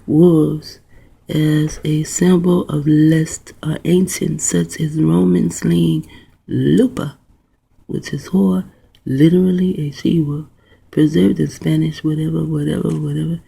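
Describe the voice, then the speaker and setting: A video host giving rambling commentary while reading aloud, spelling words out letter by letter, musing with soft exclamations and often dropping into a whisper. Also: medium pitch, flat delivery, takes it slowly, gravelly, slightly rough, rough recording.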